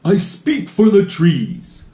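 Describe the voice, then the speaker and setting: A man reading a storybook aloud, voicing a short, old, mossy male creature with a sharp, bossy voice who shouts and scolds. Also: high voice, huge pitch swings, takes it slowly, pitched above the performer's own voice, heavily acted. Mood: scolding. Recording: roomy echo.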